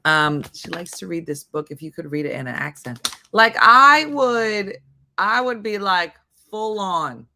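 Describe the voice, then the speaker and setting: A woman's voice: medium pitch, animated, measured pace, pushed and bright, slight background noise. A middle-aged woman hosting a casual live-stream chat, talking loosely and reacting to viewer comments. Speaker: host.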